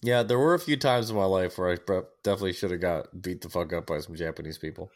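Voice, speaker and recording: A young American man with a low voice talks fast as a podcast co-host in casual chat. He rambles, mocks himself and laughs often.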